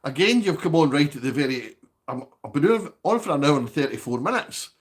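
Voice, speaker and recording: A man's voice: fairly high pitch, expressive, brisk. A Scottish man chatting casually on a live stream from his home, reading out viewer comments and asking for likes.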